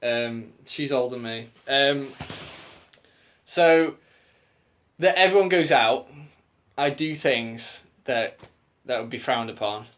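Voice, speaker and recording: Here a young man with a mid-range voice co-hosts a podcast. Chatting casually, he tells an embarrassing tale with animation, imitating the voices of those in it.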